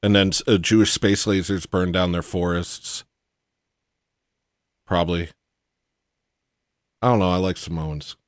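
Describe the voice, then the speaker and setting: A man ranting casually as a comedic livestream host, mumbling asides between louder bursts. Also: deep voice, fairly even intonation, unhurried, long pauses, no echo, studio quality. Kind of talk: rambling comedic livestream rant.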